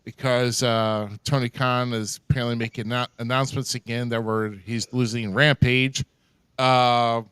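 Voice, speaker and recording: Man hosting a live podcast, rambling and animated, dry close sound. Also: mid-range voice, moderate pace, clear, resonant tone, no echo. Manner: animated, rambling with many fillers. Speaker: podcast host. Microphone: headphones and desk mic.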